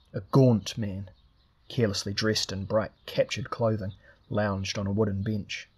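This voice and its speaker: A man reading a fantasy novel aloud as steady, scripted narration. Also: on the low side, husky. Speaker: audiobook reader.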